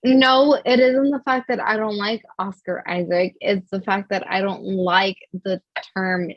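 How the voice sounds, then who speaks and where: A woman chatting on a casual podcast, frank and a little hesitant, pausing on fillers. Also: medium pitch, steady tone, no room sound, lo-fi sound.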